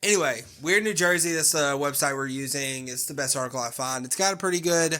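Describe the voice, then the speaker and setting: A man's voice: fairly high pitch, quick pace, bright, forceful tone. A man co-hosting a podcast in casual chat, laughing often and swearing casually. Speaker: podcast co-host.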